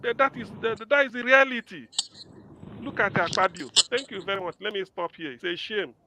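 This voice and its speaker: A man's voice: high voice, brisk, noisy background. A man giving heated, scornful political commentary as a panel guest, quoting sayings to make his point. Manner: scornful, emphatic, quotes sayings.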